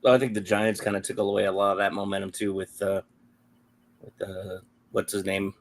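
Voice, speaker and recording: A man's voice: lowish voice, little pitch movement, a little fast, vocal fry. A man hosting a casual sports podcast, playful and upbeat, who sometimes loses his train of thought. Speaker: podcast host.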